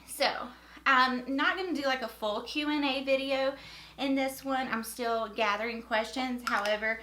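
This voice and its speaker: A woman's voice: high voice, normal speed, sharp tone, roomy sound, slight background noise. A woman in her thirties from North Carolina with a Southern accent, chatting upbeat through a makeup tutorial. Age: 30s. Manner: chatty, upbeat, repeats words for emphasis. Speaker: beauty vlogger. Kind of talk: casual makeup tutorial chat.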